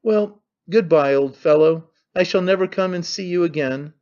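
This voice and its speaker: A man's voice: fairly high pitch, moderate pace, darkish tone, dull audio, pitched above the performer's own voice, close to an everyday voice. A man voicing a brash young man who mocks his father in an offhand, needling way. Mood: scornful. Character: young man, mocking, cynical, brash son.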